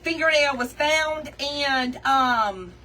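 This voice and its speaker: A woman hosting a craft livestream, telling a story to her viewers in an animated, chatty way and calling them y'all and girl. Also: sits high, slow pace, far from the mic. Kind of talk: casual storytelling chat with viewers.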